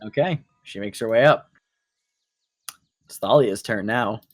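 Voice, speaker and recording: A man narrating a tabletop role-playing session as its game master, slow and drawn out in the grim moments. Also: fairly low pitch, dry recording, clean studio sound, soft background music. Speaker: dungeon master.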